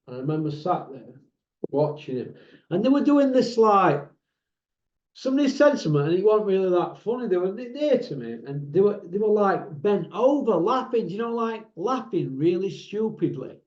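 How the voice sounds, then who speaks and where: A man with a Northern English accent telling a casual story, lively and mimicking other people as he goes. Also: high-pitched, normal speed. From Northern England. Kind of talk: casual anecdote. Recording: roomy, dull lo-fi sound.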